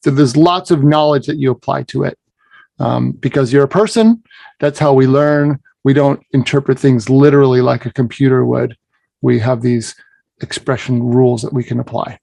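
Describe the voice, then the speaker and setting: A man's voice: mid-range voice, flat delivery, moderate pace, creaky, warm tone, no echo. Explanatory man with a dry sound. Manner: explanatory, asks "right?" often. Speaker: piping instructor. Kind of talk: conversational lesson.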